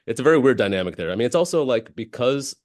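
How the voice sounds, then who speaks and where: A man's voice: medium pitch, lively intonation, fast, dry recording, studio quality. A man, a comedian telling stories in a casual interview, full of likes and restarts. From United States. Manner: rambling storyteller, many likes and restarts. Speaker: comedian guest.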